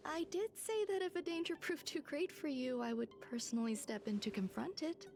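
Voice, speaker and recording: In a calm, soft half-whisper, a woman voices the lines of a detached female genius scientist from a video game. Her voice is high, and she speaks a little fast.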